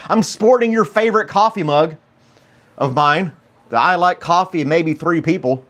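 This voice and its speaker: A man's voice: sits high, a little slow, a bit bright. Chatty man hosting a morning stream. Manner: chatty and rambling, greets viewers by name, laughs often. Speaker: podcast host. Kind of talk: casual morning livestream chat.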